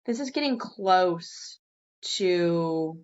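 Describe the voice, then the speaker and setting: A woman co-hosting a podcast, telling a fishing story in casual chat, lively and swearing casually. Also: very slow, muffled recording. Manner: animated, jumps high when quoting herself, swears casually. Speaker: podcast co-host.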